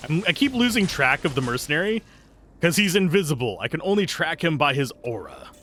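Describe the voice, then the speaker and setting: A man's voice: a little high, big pitch swings, a little fast, fairly bright tone, slight background noise. A man streaming gameplay live, chatting in a rambling, self-deprecating way while answering chat. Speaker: streamer playing a game live.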